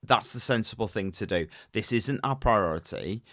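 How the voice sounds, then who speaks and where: A man co-hosting a casual football podcast, talking in halting runs, repeating words and filling pauses. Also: lowish voice, expressive, fairly bright tone, no echo, studio quality. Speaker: podcast co-host.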